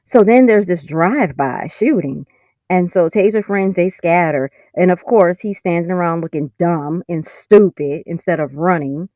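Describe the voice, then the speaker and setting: A woman's voice: lowish voice, normal speed, mellow, no room sound, studio quality. A woman recapping a TV episode in a chatty, sarcastic way, full of fillers. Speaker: TV episode reviewer. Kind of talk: casual spoken recap.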